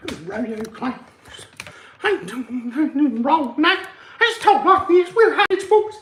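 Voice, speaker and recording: Un clown de rodéo criard et aigu. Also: male voice, expressive, measured pace, roomy sound, slight background noise, exaggerated voice. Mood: rowdy. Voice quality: high-pitched squeaky clown voice. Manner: yelling, cackling, brash. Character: rowdy foul-mouthed male rodeo clown.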